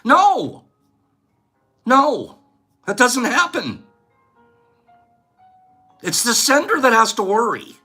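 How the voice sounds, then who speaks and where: A man's voice: extremely high pitch, sing-song, slow, pauses often, bright, forceful tone, faint music behind. A man hosting a casual vlog, rambling and lecturing as he talks. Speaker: host.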